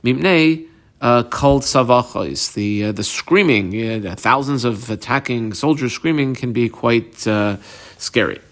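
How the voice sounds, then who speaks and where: A man teaching a Talmud class, translating terms one by one and telling students what to underline, with frequent pauses and fillers. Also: medium pitch, fairly bright tone. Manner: translates terms one by one, marks the text aloud. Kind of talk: line-by-line text study class.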